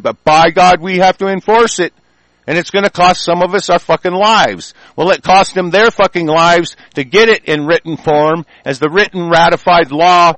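A man's voice: high-pitched, fairly bright tone, dry recording, rough recording. A man delivering a profane, rambling, emphatic political rant.

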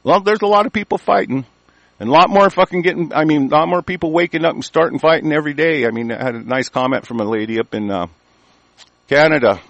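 A man's voice: fairly high pitch, fast talker, fairly bright tone, no echo. Profane, ranting man, dry close sound. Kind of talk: angry monologue rant.

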